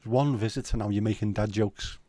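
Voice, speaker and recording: A man's voice: lowish voice, fairly even intonation, fairly quick, mellow, no room sound. Blunt, sweary Scouse man chatting. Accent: Liverpool. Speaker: livestream host. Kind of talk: casual chat reading viewer comments.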